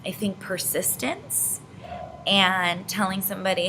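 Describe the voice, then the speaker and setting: A woman's voice: mid-range voice, normal speed, pushed and bright, a little hiss or hum, poor audio. A young woman in her twenties talking to camera in a casual advice vlog, earnest and reflective. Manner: earnest, reflective, speaks of handling conflict with poise. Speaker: vlogger.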